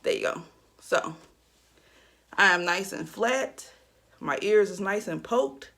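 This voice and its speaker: A woman's voice: medium pitch, expressive, slow pace, vocal fry, a bit bright. A woman vlogging about hair care in a casual, chatty way, talking straight to her viewers. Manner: chatty, talks straight to viewers as y'all and child. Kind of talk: casual chat to camera.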